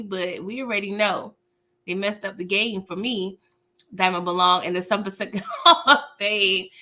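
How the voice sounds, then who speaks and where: A woman hosting a casual live recap, talking animatedly to her viewers and often laughing as she goes. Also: fairly low pitch. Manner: animated, chatty, talks straight to viewers. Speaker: host of a live show recap.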